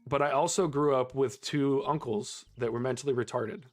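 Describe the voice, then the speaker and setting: While playing a game on a live stream, a young man chats casually with his viewers and laughs often. He speaks at normal speed in a medium pitch, with soft music in the background.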